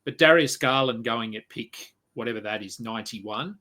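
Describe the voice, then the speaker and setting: A man at medium pitch with a bright, forward tone talks through draft picks in an easygoing way, thinking aloud with plenty of fillers. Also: moderate pace. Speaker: guest analyst. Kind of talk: casual fantasy sports chat.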